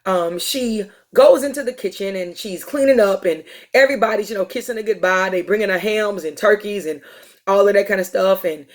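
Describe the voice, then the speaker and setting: A woman's voice: mid-range voice, a little fast. A woman hosting a podcast, retelling a TV episode in a casual, conversational way with frequent ums and uhs. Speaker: podcast host. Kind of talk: casual storytelling monologue.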